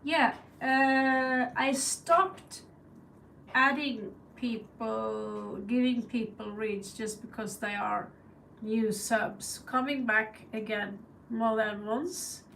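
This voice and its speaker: Hosting her tarot live stream from Norway, this woman talks casually in a Norwegian accent, swearing, laughing, and doing crow imitations. She sounds a little high and a bit bright, steady in tone, drawing out her words with vocal fry; the low-quality audio is distant with some hiss or hum.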